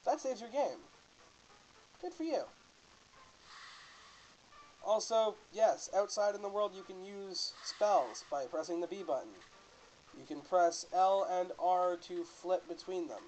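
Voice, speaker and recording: A man's voice: high-pitched, unhurried, pauses often, darkish tone, slight background noise, low-quality recording. Joking man doing let's play commentary. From Canada. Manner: casual, joking, self-correcting. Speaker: host.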